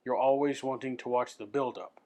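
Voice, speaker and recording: A man's voice: medium pitch, fairly even intonation, a little fast, warm tone. A man ranting to his camera in an unscripted vlog, swearing freely and stumbling over repeated words as he restarts his sentences. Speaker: vlogger.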